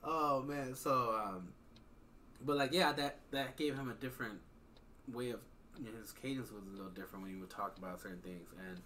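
A woman in casual chat, teasing and talking in a lively, easy way. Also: a bass voice, brisk, recorded from a distance, slight background noise. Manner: lively, teasing, breaks into laughter.

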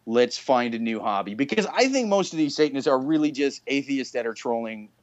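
A man's voice: medium pitch, expressive, fairly quick, dry recording, highs cut off. A young man co-hosting a casual podcast chat, talking bluntly and mockingly with a lot of swearing. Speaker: podcast co-host.

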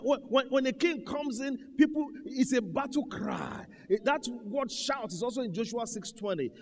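A male pastor preaching a sermon, swinging from quiet talk to loud shouts and bursts of faith-filled laughter. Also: high-pitched, long reverb tail.

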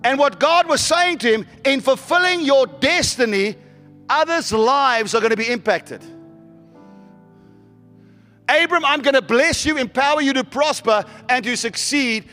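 Brief: man, pastor mid-sermon, high bright voice, fervent delivery. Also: expressive, moderate pace, in a large hall, soft background music. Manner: preaching with rising fervor and congregation callouts.

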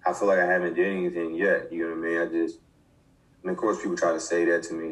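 Young man, low-pitched, casual interview guest, halting speech, lots of restarts and fillers. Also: flat delivery, poor audio. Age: 20s. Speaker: football coach, interview guest. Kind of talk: casual conversation.

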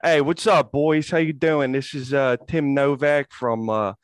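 A man's voice: medium pitch, steady tone, measured pace, smooth, dry recording, clean studio sound, lightly acted. A man voicing a brash, chummy Philadelphia sports fan with a Philadelphia accent.

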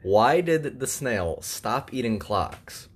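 A young man telling jokes and a long rambling shaggy-dog story in a deadpan way. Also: medium pitch, takes it slowly, husky. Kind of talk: casual joke telling.

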